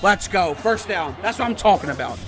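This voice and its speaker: A young man narrates his football video game like a play-by-play caller, his high voice leaping all over the place. He talks in loose slang and bursts into shouts when a play goes right or wrong. Music plays clearly underneath him. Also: animated, brisk. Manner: shouts and yelps at big plays, casual slang. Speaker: gaming YouTuber. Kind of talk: excitable play-by-play gaming commentary. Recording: music playing behind.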